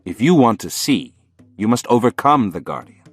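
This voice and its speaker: A man reading the lines of a male sorcerer teacher in an audiobook, matter-of-fact and gently mocking. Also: fairly low pitch, very animated, moderate pace, no room sound, soft background music. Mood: calm.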